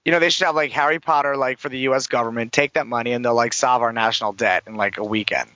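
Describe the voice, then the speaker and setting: A show host chatting casually about celebrity gossip in an animated way, full of fillers like "like". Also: medium pitch, fast, dry recording. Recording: dull lo-fi recording.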